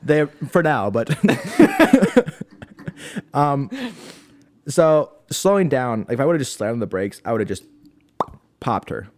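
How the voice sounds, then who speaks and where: A man's voice: medium pitch, wildly swooping pitch, slow pace, pauses often, darkish tone. A young man telling a story in casual chat as a podcast co-host, laughing often.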